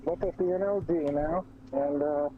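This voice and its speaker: A man reports from the street on his phone, describing what he sees in a halting, observational way. His voice sits high but sounds mellow, and the phone audio is muffled with faint noise behind it. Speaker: street livestreamer. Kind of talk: on-the-ground live reporting.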